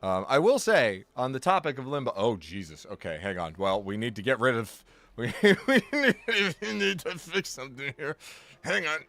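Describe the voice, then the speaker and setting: A man's voice: medium pitch, very animated, moderate pace, fairly bright tone, no room sound. A man chatting casually on a live stream, rambling, correcting himself often and joking along with his chat. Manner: rambling, self-correcting, jokey.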